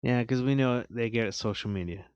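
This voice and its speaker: A man's voice: medium pitch, a little fast, dry recording, dull audio. A man co-hosting a podcast in casual chat, giving dry, teasing replies. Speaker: podcast co-host.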